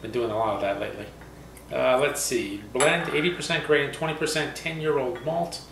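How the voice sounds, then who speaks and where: A man co-hosting a casual whiskey review, joking around and slowly reading out product notes. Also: medium pitch, steady tone, vocal fry. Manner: jokey, halting, reads aloud slowly. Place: home room. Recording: roomy echo, faint background noise.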